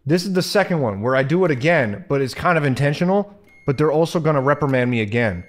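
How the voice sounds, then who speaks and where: A man's voice: fairly high pitch, animated, fast. A young man giving casual let's-play commentary, squeamish and jumpy, groaning and swearing as he plays. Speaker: gaming video creator.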